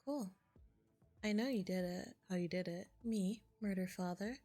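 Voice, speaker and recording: A woman's voice: mid-range voice, normal speed, warm tone, faint music behind. A woman streaming a game, reading the dialogue aloud between chatty asides. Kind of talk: casual gameplay commentary.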